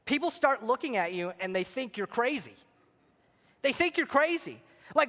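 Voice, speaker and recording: A male pastor preaching with a high, bright, forceful voice that rings out through a large, reverberant hall. He swings between fervent, near-shouted lines and quiet, hushed moments of reflection. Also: very animated, normal speed. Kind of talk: sermon.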